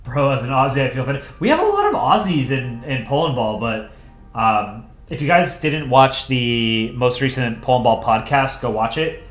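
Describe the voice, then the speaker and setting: A laid-back young man talks casually on a live drawing stream, his voice sitting at an ordinary middle pitch. He rambles easily between remarks to his chat and his work. Faint music plays quietly behind him. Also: moderate pace. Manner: relaxed, chatty, answers chat while drawing.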